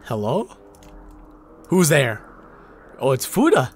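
A man's voice: medium pitch, wildly swooping pitch, takes it slowly, a little hiss or hum. A man streaming a horror game, reacting with jumpy outbursts and constant swearing. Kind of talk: horror game let's play commentary.

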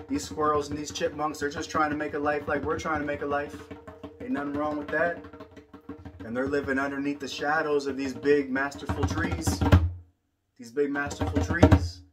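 A man teaching about the drum in a rhythmic spoken-word style, repeating lines like a chant. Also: fairly high pitch. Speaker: poet and drummer. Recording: drum music playing throughout.

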